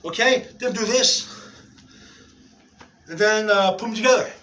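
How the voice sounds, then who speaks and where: A man demonstrating an exercise while out of breath, giving halting, repetitive instructions and often checking in with "okay?" in an indoor room. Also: sits high, sharp tone, distant mic, a little hiss or hum. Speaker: exercise video maker.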